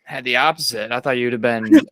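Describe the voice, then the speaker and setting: A man's voice: mid-range voice, fast talker, no echo. A man hosting a podcast, asking loose, conversational questions with casual fillers. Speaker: podcast host.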